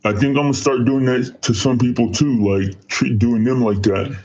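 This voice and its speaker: A man's voice: mid-range voice, steady tone, moderate pace, darkish tone. A male streamer talks loosely, full of slang and stop-start restarts. His voice sits in an ordinary middle range. The recording is muffled and lo-fi. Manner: rambling, slangy, restarts often. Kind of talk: casual chat. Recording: dull lo-fi sound.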